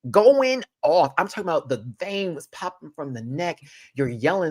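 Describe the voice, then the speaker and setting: Sassy animated Houston man, dry sound. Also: a little high, normal speed, hardly any pauses, dry recording. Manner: sassy, animated, cursing, mimics others. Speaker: show review host. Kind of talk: casual chat.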